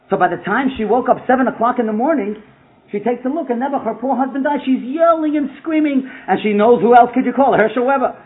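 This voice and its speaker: A man telling a story to a live audience in an animated way, sprinkling in Yiddish and Hebrew words. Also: sits high. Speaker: public speaker. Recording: tinny phone-like sound.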